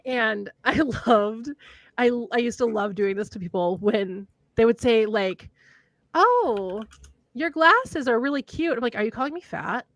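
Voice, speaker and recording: A woman's voice: fairly high pitch, a little slow, no echo. A young woman hosting a casual livestream chat, telling stories with lots of laughter. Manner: animated storyteller, laughs often. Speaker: podcast host.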